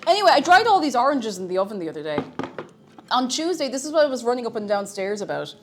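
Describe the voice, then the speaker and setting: A woman streams from her kitchen, chatting and poking fun at herself between tasks. Her slightly high voice swings up and down with lots of life. A little music plays softly behind her. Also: sing-song, fast. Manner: chatty, self-mocking, talks to viewers while baking. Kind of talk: live-stream baking chat. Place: home kitchen.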